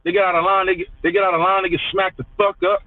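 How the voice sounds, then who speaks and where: A man's voice: sits high, little pitch movement, very fast, no echo. A man ranting live to his chat, profane and heated, hammering the same lines over and over. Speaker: livestreamer. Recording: tinny phone-like dry audio.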